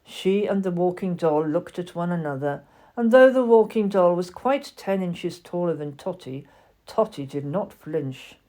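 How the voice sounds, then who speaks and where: A woman narrates a children's storybook in a gentle, expressive way. Her voice sits a little low and sounds mellow. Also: unhurried. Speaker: audiobook reader.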